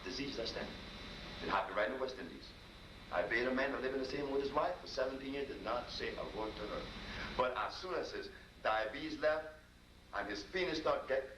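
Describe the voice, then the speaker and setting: A man who tells a story with an animated, swinging voice, talking to a live crowd. He is heard from a distance in a roomy space. A steady hiss of noise sits under him. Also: medium pitch, brisk. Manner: animated, conversational storytelling with asides to listeners. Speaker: healer. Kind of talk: storytelling talk to a live audience.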